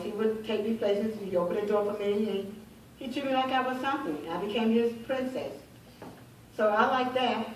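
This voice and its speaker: A woman's voice: mid-range voice, darkish tone. Middle-aged woman in a very echoey hall. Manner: heartfelt, halting, with repeated phrases. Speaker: conference speaker, prophetess. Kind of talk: personal testimony. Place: large hall at a women's conference. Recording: echoey hall, voice from far off, faint hiss.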